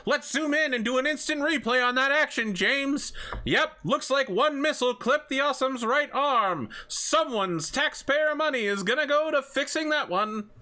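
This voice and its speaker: A man voicing an excitable male battle commentator in a showy broadcast manner, with a transatlantic accent. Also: very high-pitched, normal speed, pitched above the performer's own voice. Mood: excited. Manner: breathless, showy broadcast delivery.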